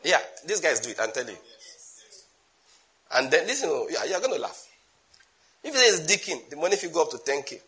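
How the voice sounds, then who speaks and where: A man with a Nigerian accent preaching a sermon emphatically, with sudden loud bursts and asides in Nigerian Pidgin. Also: on the high side, big pitch swings, fairly quick, long pauses.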